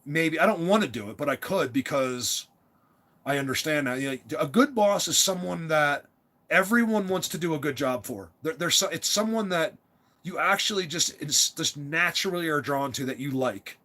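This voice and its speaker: Man, somewhat high voice, talking off the cuff: emphatic, stumbles and repeats himself, casual storytelling. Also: lively intonation, normal speed, bright, forceful tone. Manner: emphatic, repeats words and restarts often. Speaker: father telling a personal story. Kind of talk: rambling casual storytelling monologue.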